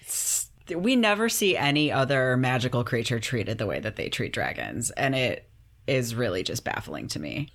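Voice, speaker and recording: A woman's voice: extremely low pitch, very animated, moderate pace, vocal fry. A woman co-hosting a podcast, chatting casually about a book, incredulous and swearing freely with lots of "like". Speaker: podcast co-host.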